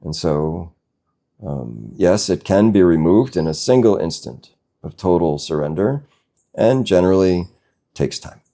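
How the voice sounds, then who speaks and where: A man giving a slow, gentle spiritual talk as a teacher, reflective and unhurried, now and then laughing softly. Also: low voice, expressive. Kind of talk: satsang talk.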